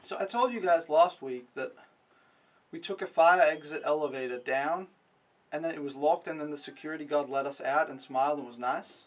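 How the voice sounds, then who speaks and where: A man's voice: fairly high pitch, moderate pace, distant mic. A young man vlogging a casual, rambling recap, mocking himself and swearing freely.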